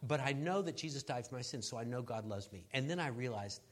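A man, a pastor, sharing a personal testimony on a panel in an earnest, halting way, restarting his sentences and laughing at himself as he goes. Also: medium pitch, animated. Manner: laughs at himself while telling the story.

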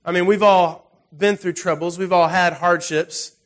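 Man, pastor, high-pitched, conversational sermon, storytelling, restarts. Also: steady tone, unhurried, a bit bright. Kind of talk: sermon with personal stories.

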